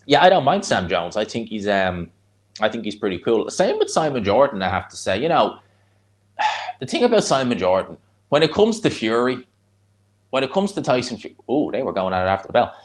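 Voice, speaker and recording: A man with a North Dublin accent, hosting a live fight watch-along, chatting loosely and reacting excitedly to the action. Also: mid-range voice, brisk. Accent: North Dublin (Fingal). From Ireland.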